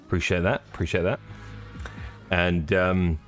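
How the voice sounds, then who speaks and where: A man with a fairly low voice hosts a sim racing live stream. He talks in a loose, rambling way, cracking jokes and greeting viewers. Faint music plays underneath. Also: fairly even intonation, unhurried. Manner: jokey, rambling, chatty with viewers. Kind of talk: casual live-stream commentary.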